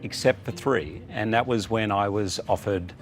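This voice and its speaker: A man's voice: lowish voice, moderate pace, faint music behind. A middle-aged man from Australia, telling a personal story as a guest in a casual interview. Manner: animated, warm storytelling with fillers.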